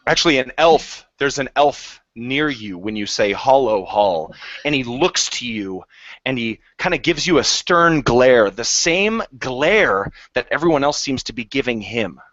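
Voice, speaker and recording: A man narrating a tabletop game as game master, in a measured, descriptive way, on a lo-fi recording. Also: medium pitch, lively intonation, a bit bright, no room sound. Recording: dry lo-fi recording.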